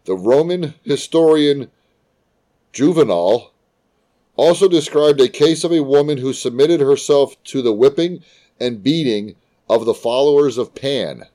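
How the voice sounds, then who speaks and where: A man's voice: mid-range voice, animated, a little slow, dark tone. A man hosting a podcast, chatting casually and reading notes, often stumbling and repeating words. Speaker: podcast host.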